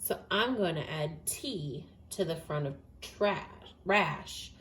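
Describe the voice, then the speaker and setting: A woman teaching a phonics lesson, speaking slowly and carefully and sounding out each word. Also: low-pitched, lively intonation, a bit bright. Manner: slow, deliberate, sounds out words.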